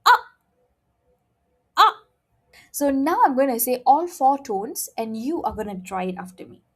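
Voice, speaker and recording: Female language teacher; upbeat, highly expressive pitch, keeps checking in with students. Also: moderate pace. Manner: frequent checking "okay?", playful and encouraging. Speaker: Mandarin teacher. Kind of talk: friendly beginner language lesson.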